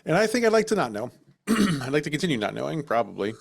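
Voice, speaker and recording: A man's voice: fairly high pitch, big pitch swings, quick pace, gravelly, slightly rough. An American man co-hosting a podcast in casual chat, joking and laughing often as he tells stories. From United States. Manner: jokey, laughs often, slips into silly voices when quoting people. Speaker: podcast co-host and storyteller.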